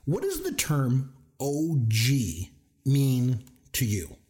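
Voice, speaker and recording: Brief: middle-aged male co-host, playful dad-joke type, lively pitch. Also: very slow. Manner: jokey, playful, tells dad jokes. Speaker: podcast co-host. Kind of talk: casual chat.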